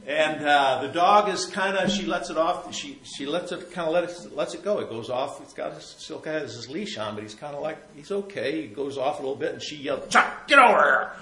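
A man telling a personal faith story in a rambling, repetitive way, sometimes growing soft and emotional. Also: fairly high pitch, brisk, hardly any pauses, roomy sound, low-quality recording. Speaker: Christian storyteller.

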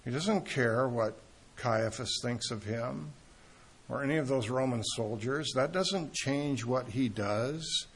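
A man preaching a sermon in an earnest, emphatic way, pausing often and restarting phrases. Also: medium pitch, husky.

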